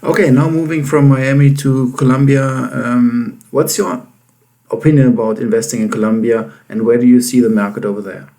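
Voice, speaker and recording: A man hosting an interview, asking brisk, polite questions. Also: mid-range voice, fairly even intonation, dark tone. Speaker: interviewer, host.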